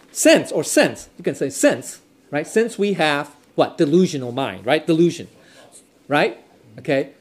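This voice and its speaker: Male scripture teacher, slightly high voice, loose and repetitive, tags every point with "okay?". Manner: repeats himself, checks in with "okay? right?"; switches between English and Chinese readings. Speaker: Dao study teacher. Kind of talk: informal scripture lesson.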